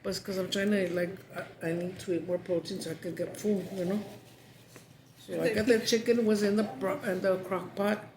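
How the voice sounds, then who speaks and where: A woman's voice: medium pitch, steady tone, brisk, a little mellow. A woman chatting casually while eating on camera, slipping into Spanish phrases as she talks. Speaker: mukbang vlogger. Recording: echoey room with background noise.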